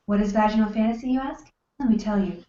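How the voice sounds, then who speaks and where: A woman's voice: medium pitch, fast, mellow. A woman hosting a book club on a video call, chatty and teasing, talking from her home desk. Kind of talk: casual video-call chat. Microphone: computer mic, wrong one at first. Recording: echoey lo-fi webcam call audio.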